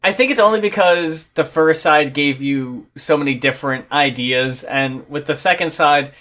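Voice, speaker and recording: A man's voice: on the high side, normal speed, a bit bright. A man co-hosting a casual album reaction talk, enthusiastic and swearing, at times reading notes aloud. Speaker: co-host reviewing albums.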